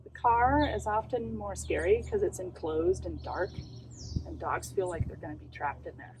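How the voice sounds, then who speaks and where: A woman dog trainer demonstrating outdoors, explaining calmly and then gushing high-pitched praise at a dog. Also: normal speed, rough recording. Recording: outdoor noise and birdsong.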